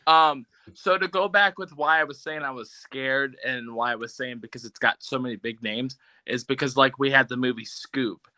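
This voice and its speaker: A man's voice: medium pitch, normal speed, sharp tone. A man co-hosting a casual podcast, rambling with lots of fillers, his voice a little off today. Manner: rambling, filler-heavy, does cartoon voice impressions. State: voice slightly off, unwell. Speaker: podcast co-host. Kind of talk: casual chat. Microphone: video call setup, sitting back from the camera.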